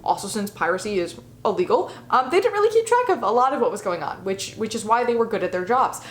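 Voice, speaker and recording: A woman's voice: fairly high pitch, sing-song, quick pace. A young woman in her early twenties, chatting casually and enthusiastically as a video host in a room with a bookshelf. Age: early 20s. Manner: bubbly and enthusiastic. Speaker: vlogger and media analyst. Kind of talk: casual chat. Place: indoor room in front of a bookshelf. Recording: roomy echo with faint hiss.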